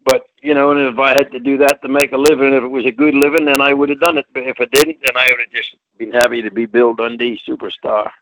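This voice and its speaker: A man's voice: mid-range voice, level tone, fast talker, hardly any pauses, a bit bright, a little hiss or hum, rough recording. A Scottish-born man, a former wrestler, telling stories in a plainspoken, folksy way as a guest on an interview show. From Scotland. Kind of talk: casual storytelling interview.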